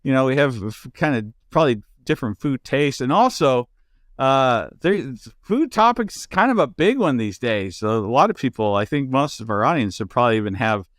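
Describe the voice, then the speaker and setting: A man's voice: medium pitch, no echo, clean studio sound. A man hosting a podcast in casual chat, rambling with lots of restarts and fillers, from the United States. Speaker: podcast host.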